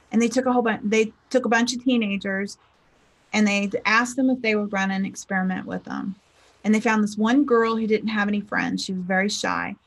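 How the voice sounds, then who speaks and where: A woman giving a casual motivational talk as a life coach, chatty and acting out the people she quotes. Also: medium pitch. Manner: chatty, acts out quoted people in lively voices. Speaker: spiritual teacher and life coach.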